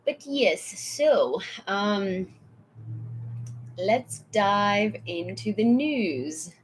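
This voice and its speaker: A woman's voice: medium pitch, animated, very slow, slight background noise. A young woman from Ukraine, chatting casually with viewers on a live stream, with many fillers and frequent laughter.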